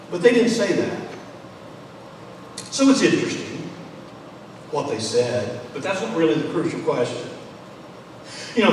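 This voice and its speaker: Guy giving a chatty sermon, kinda high voice, big echoey church from far off. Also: a little hiss or hum. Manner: conversational, with fillers and repeated words. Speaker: pastor. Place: church sanctuary.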